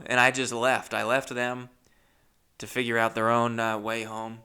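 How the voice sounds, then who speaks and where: Bright, clear-voiced man telling a comic story. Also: medium pitch, moderate pace. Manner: animated, self-deprecating, addresses listeners as folks. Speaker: comedian. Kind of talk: comedic storytelling.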